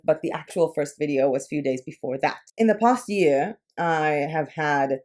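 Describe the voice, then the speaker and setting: A woman's voice: low voice, brisk, few pauses, darkish tone. A young woman from Israel speaking English with a light, Americanized Israeli accent, chatting casually in a personal vlog with frequent filler words. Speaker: YouTube creator.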